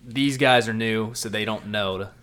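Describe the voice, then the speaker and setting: A man's voice: fairly low pitch, moderate pace, a bit bright. Easygoing agreeable podcast man. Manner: easygoing, agreeable, brief replies. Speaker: podcast co-host. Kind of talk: casual anime recap chat.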